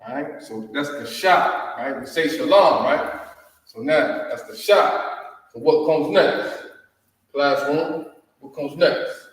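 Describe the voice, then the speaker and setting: A man's voice: a little high, slow pace, distant mic. Drawling man teaching in an echoey hall. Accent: Southern US. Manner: drawling, repeats words, asks "you know what I mean?". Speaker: class teacher. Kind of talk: language lesson at a whiteboard.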